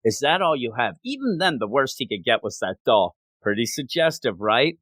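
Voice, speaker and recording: A man's voice: medium pitch, very animated, normal speed, fairly bright tone, no room sound. A man hosting a manga review podcast in casual chat. He talks with animation and often slips into quoting characters.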